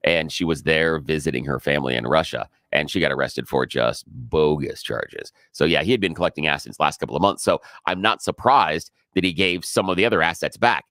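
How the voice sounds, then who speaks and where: A man co-hosting a talk radio show, chatty and quick with agreeing interjections. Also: rumbling low, a bit bright, no room sound, studio quality. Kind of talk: casual talk radio banter. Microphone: studio microphone.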